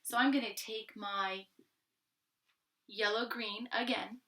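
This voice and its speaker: A woman teaching a children's art lesson step by step, gently encouraging and thinking aloud as she colors with crayons. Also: a little high, fairly even intonation, slow pace, pauses often, reverberant, recorded from a distance, low-quality recording.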